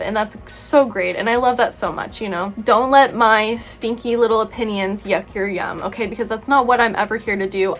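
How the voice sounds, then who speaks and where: A young woman vlogging casually to camera, chatty and playfully opinionated, full of "like" and "you know". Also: a little high. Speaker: YouTuber reviewing books and films.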